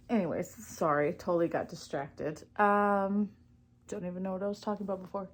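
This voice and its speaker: A woman's voice: medium pitch, fairly even intonation, fairly quick. A young woman chatting casually in her crafting vlog, rambling with lots of fillers and getting easily distracted. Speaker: knitting vlogger. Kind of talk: casual chat.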